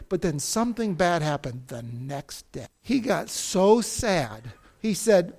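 A Bible teacher telling stories to a class in an expressive way, swinging between loud outbursts and hushed moments and calling on people to read. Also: medium pitch, normal speed. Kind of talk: animated Bible story lesson.

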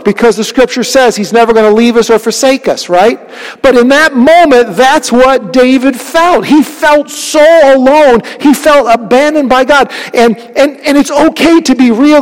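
A man preaching a sermon in a church. He talks earnestly and conversationally, asks the congregation questions, and often drops to a soft, low voice. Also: big-room sound. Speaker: pastor.

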